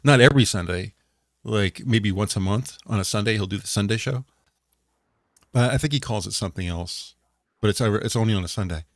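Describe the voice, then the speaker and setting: A man's voice: lowish voice, brisk, no echo, clean studio sound. A man co-hosting a casual online talk show, telling rambling stories with many restarts. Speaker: podcast co-host. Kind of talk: casual chat.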